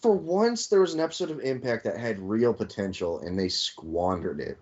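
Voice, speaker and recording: A blunt man on a casual podcast delivers sarcastic remarks in a lowish voice. The audio is muffled and lo-fi. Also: animated, a little fast. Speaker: podcast co-host. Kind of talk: wrestling review podcast chat.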